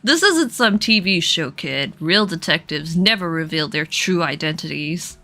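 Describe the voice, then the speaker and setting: Woman voicing a gruff older male suspect, condescending, lower and quieter than her own voice, game dub. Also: expressive, measured pace, exaggerated voice. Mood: scornful. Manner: condescending, scolding.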